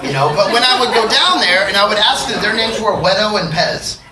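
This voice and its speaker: A man's voice: high-pitched, lively intonation, brisk. A man telling profane, joking stories to a concert audience between songs and acting out the people in them. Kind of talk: storytelling to a live audience. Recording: roomy far-off live recording with crowd noise.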